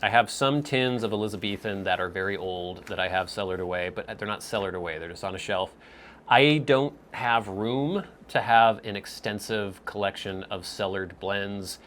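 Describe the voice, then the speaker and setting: Speaking at a normal speed in a voice on the low side and a bit bright, a man answers viewer questions for his casual Q&A vlog. He muses aloud, searches for words, and restarts in small ways, with a little hiss or hum in the recording.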